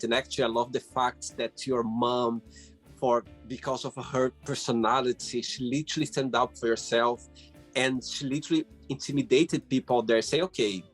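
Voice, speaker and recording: Effusive male interview host. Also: mid-range voice. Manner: warm, effusive reactions, halting phrasing. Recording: faint guitar music underneath.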